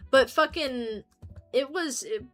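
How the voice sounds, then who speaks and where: A woman's voice: sits high, slow pace, fairly bright tone, faint music behind. A young American woman chatting casually on a livestream, rambling and joking and swearing freely.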